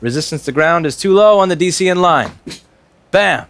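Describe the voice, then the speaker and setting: A man's voice: a little high, lively intonation, normal speed, a bit bright. A man in a repair workshop, explaining a circuit board fix live in a wry, profane way and talking to himself as he works. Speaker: repair technician.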